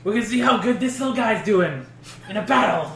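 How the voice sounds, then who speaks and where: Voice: mid-range voice, lively intonation, brisk, reverberant, very noisy. A player in a tabletop game, dry and teasing. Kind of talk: casual tabletop role-play.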